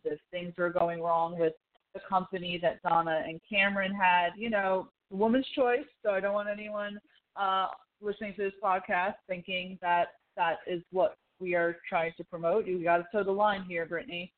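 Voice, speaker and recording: A woman co-hosting a casual podcast, retelling scenes from a TV show in an animated, chatty way and acting out the characters' lines. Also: lowish voice. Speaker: podcast co-host. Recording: phone-like narrow sound.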